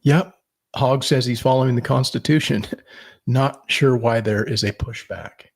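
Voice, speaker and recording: A man's voice: medium pitch, a little slow, slightly rough. A man co-hosting a podcast, giving blunt political opinions, swearing and rambling with restarts. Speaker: podcast co-host.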